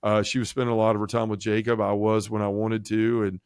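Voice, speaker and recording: A man telling his personal faith testimony as a guest, earnest and halting, with many restarts. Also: fairly low pitch, level tone, clear, resonant tone, no room sound, clean studio sound.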